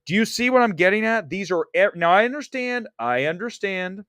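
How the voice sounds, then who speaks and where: A man hosting a movie livestream, blunt and teasing as he reads his chat. His pitch swings widely and sits a touch high. The sound is close and dry. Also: animated, brisk, a bit bright, smooth, dry recording. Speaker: livestream host.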